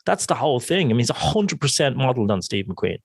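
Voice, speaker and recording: A man chatting casually on a podcast panel, rambling and laughing, dropping into quick voice impressions. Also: mid-range voice, big pitch swings, creaky, breathy edge, no echo, clean studio sound. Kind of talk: casual group chat.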